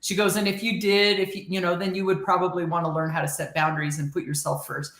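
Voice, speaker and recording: A woman's voice: on the low side, level tone, fast, a bit bright. A woman guest telling a story in casual chat, acting out quoted lines and laughing often. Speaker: podcast guest. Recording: echoey room.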